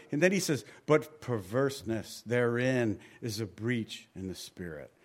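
Speaking in a fairly high male voice, a pastor works through scripture conversationally, repeating important phrases for emphasis and trailing off quietly as each phrase ends.

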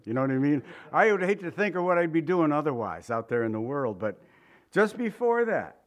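A man preaching a sermon as pastor, talking in a conversational, unhurried way, repeating phrases and asking his listeners rhetorical questions. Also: medium pitch, expressive.

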